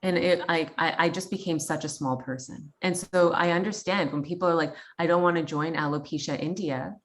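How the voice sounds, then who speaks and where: A woman's voice: sits low, fairly even intonation, a little fast. A woman in her thirties from Canada, sharing a personal story in a candid, chatty way full of fillers and quoted thoughts. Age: 30s. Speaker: guest.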